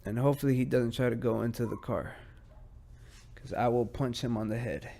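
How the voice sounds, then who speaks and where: A man's voice: medium pitch, steady tone, a little fast, vocal fry, dark tone. A man hosting a one-man podcast, ranting in profane, rambling bursts that drift off mid-thought. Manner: easily distracted, drifts off mid-sentence. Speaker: podcast host. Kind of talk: solo podcast chat.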